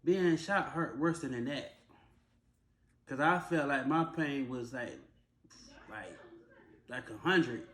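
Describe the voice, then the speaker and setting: A young man, telling a personal story in a plain, casual, drawn-out way. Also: medium pitch, expressive, fairly bright tone, reverberant. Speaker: vlogger.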